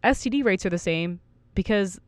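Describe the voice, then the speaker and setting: A woman's voice: mid-range voice, animated, moderate pace, no echo. A woman in her twenties co-hosting a casual podcast, reading study findings aloud and laughing at her own slips. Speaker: podcast co-host.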